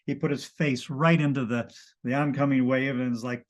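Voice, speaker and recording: Guest storyteller, man, mid-range pitch, halting and full of restarts. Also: fairly even intonation. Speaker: guest telling a personal story. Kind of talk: casual conversation.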